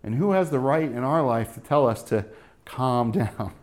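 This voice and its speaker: Male pastor, middle-aged, conversational sermon, joking asides, mid-pitched voice. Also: lively intonation, normal speed, darkish tone. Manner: conversational and joking, often asks "right?".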